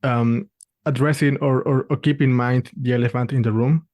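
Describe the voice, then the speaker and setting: A man's voice: medium pitch, steady tone, normal speed, darkish tone, dry recording. A man interviewing a musician, summing up answers tentatively and rephrasing as he goes. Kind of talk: casual interview questions.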